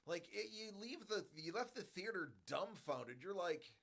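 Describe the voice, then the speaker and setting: A man in his forties, a stream host, ranting in a rambling, animated way about a movie in casual chat. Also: sits high, measured pace, vocal fry.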